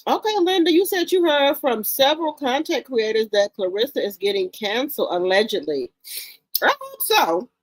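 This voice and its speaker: A woman's voice: sits high, big pitch swings, moderate pace, no echo. A woman hosting a casual livestream, greeting viewers one by one with repeated hellos in an informal, chatty way. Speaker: livestream host.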